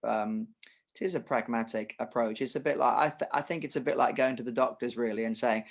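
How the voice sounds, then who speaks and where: A middle-aged man, a tennis coach talking casually on a podcast and telling animated examples. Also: medium pitch, fast. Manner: animated storyteller, uses acted examples.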